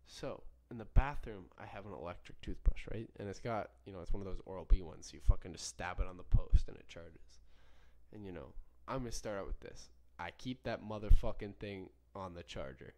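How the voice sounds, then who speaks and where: Low and a little fast, with a darkish tone, a young man hosts a solo podcast and tells a rambling, profane story. He keeps correcting himself as he goes.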